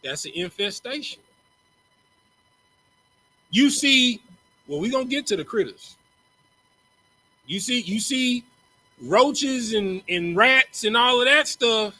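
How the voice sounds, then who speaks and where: Man, very high voice, bright, casual lecture, slangy and joking, repeats words. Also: lively intonation, takes it slowly, pauses often, no room sound, low-quality recording. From Texas. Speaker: teacher in a religious group class.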